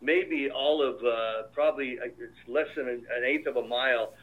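A man's voice: medium pitch, moderate pace. Man on a tinny phone-like line. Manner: animated storyteller, acts out quoted dialogue. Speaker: film director. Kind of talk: casual interview, anecdotes.

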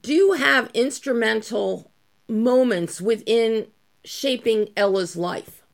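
A woman's voice: a little high, slow, gravelly. A woman interviewing a filmmaker, giving enthusiastic praise of the film. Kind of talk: interview questions.

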